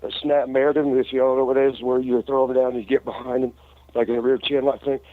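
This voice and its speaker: A man's voice: medium pitch, little pitch movement, fast talker, dry recording. A middle-aged man, an interview guest telling a long story in a rambling, laughing way, full of fillers and restarts. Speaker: interview guest, former wrestler. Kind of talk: casual storytelling. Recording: lo-fi radio show audio.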